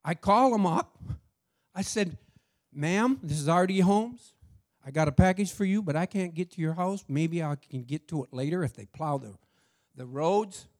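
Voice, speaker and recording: A middle-aged man telling a church testimony story, acting out the dialogue with lively feeling. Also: fairly high pitch, moderate pace. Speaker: church speaker sharing a testimony.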